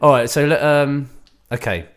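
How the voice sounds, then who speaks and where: A man's voice: mid-range voice, moderate pace. A man co-hosting a casual comedy podcast, telling stories, laughing often and acting out other people's lines. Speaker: podcast co-host.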